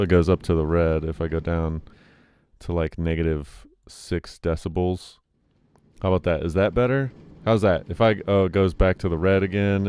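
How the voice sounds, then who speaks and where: A man's voice: low voice, a little mellow, smooth, dry recording. A young man streaming a let's-play, talking casually and rambling to a friend on a call. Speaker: gaming streamer. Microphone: desk microphone.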